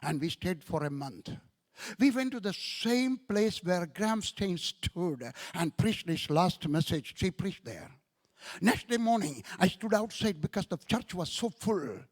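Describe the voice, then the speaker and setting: High-voiced Indian preacher telling stories. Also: male voice, lively intonation, a little slow. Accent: Indian English. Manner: repetitive, emphatic storytelling with quoted dialogue. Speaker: guest preacher. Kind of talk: sermon storytelling.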